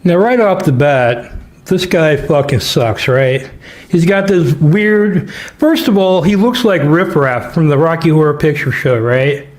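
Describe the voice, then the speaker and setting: A man's voice: fairly high pitch, measured pace, darkish tone. Sarcastic, profane male stream host. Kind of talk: livestream commentary.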